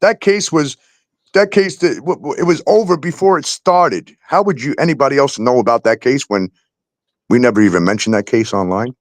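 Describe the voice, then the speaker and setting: A man's voice: medium pitch, normal speed, no echo. A man hosting a talk show, ranting heatedly and swearing constantly about landlords and the police. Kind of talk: angry profane rant.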